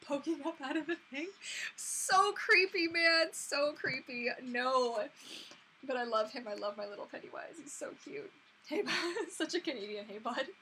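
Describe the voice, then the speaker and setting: A young woman hosting a casual live-stream Q&A, chatty and bubbly, breaking into excited squeals. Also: high-pitched, slight background noise. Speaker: mermaid channel host.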